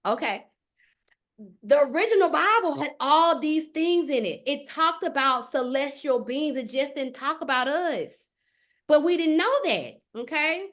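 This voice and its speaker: A woman teaching a live online astrology class in an animated, conversational way, often checking in with her listeners. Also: high voice, a little slow.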